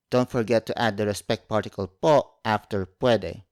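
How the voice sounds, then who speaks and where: A man's voice: on the low side, fairly even intonation, normal speed, hardly any pauses, darkish tone. A man teaching a language lesson, speaking carefully, repeating each word and spelling it out letter by letter.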